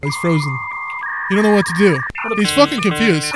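A man's voice: sits high, animated, brisk, over loud music. A man joining friends' multiplayer game, cracking crude jokes and laughing a lot. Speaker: gaming friend. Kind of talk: casual gaming banter.

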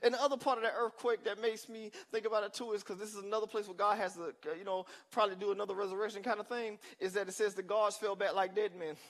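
A male pastor preaching a sermon, repeating lines for emphasis and talking directly to the congregation with quick asides. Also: high voice, steady tone, a bit bright. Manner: repetitive preaching, breaks off with asides; conversational, addresses the congregation directly.

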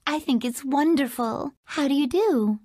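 A woman's voice: high-pitched, measured pace, darkish tone, no echo. A woman voicing a spirited young princess in a video game, polite, sweet and lightly teasing, recorded in a dry studio. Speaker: game character voice. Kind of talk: game voice clips.

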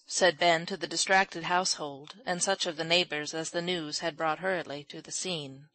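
A woman's voice: fairly even intonation, moderate pace, few pauses, bright, forceful tone, no echo, low-quality recording. Woman narrating a classic story, dry close mic. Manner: voices characters with raised pitch and volume. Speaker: audiobook narrator. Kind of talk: scripted narration of a classic children's novel.

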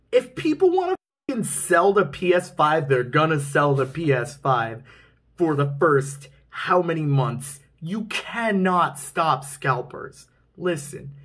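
A young man in a ranting vlog, fed up and swearing as he vents. His husky voice sits a little high and swings widely in pitch, jumping up in indignation and sinking low when he grumbles. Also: a bit bright. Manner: frustrated, exasperated ranting with profanity. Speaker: vlogger.

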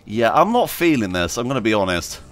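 A man's voice: lowish voice, big pitch swings, brisk. A man hosting a gaming video, chatting casually and rambling while he plays, laughing often and talking to himself. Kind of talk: casual gameplay commentary.

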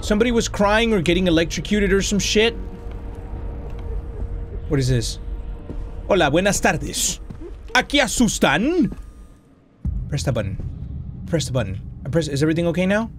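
Young male gamer host, high and swooping voice, jumpy and foul-mouthed, narrates his own play. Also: normal speed, long pauses, a little hiss or hum. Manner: excitable, profane, mutters to himself and yells at the game. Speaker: gaming video host. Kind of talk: live horror game commentary.

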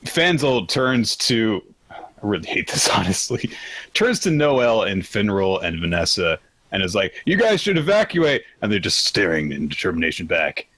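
A man's voice: deep voice, animated, normal speed, pushed and bright, slightly rough, no room sound. A man hosting a podcast, recapping manga in rambling casual chat with exasperated asides. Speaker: podcast host.

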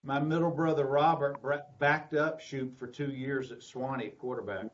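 Male interview host, brief interjections; average pitch, dull lo-fi line. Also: steady tone, moderate pace. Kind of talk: casual interview chat.

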